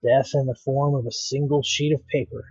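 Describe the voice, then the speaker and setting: A man's voice: mid-range voice, flat delivery, moderate pace, darkish tone, slightly rough, highs cut off. A man hosting a let's play, reading a visual novel aloud with dramatic, wry narration.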